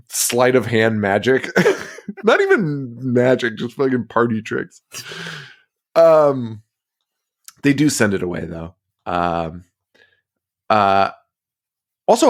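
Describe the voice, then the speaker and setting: A man co-hosting a horror movie podcast, casually recapping the plot with lots of swearing and laughter. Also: mid-range voice. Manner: profane, laughing, recounts plot with put-on quotes. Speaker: podcast co-host.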